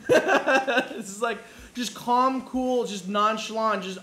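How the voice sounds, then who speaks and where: High-voiced man, swearing, laughing game streamer. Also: slow. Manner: profane, laughing, animated storytelling. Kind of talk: casual chat while live streaming a game. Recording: roomy echo.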